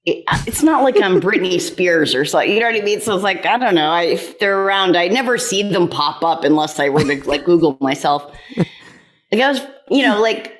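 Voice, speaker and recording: A woman guesting on a comedy podcast, chatty and rambling with quick asides. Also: fairly low pitch, animated. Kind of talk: casual comedic chat.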